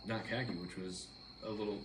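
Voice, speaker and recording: A man's voice: lowish voice, steady tone, brisk, crowd noise. A man hosting a casual live stream over dinner at home, rambling easily and greeting viewers by name. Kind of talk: casual chat while eating dinner. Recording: roomy with clear background noise.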